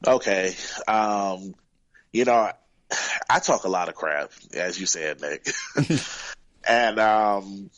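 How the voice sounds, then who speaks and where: Low-voiced man telling rambling stories. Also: fairly bright tone, no echo, dull audio. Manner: rambling, many fillers like "you know" and "like". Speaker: guest wrestler. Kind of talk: casual storytelling interview.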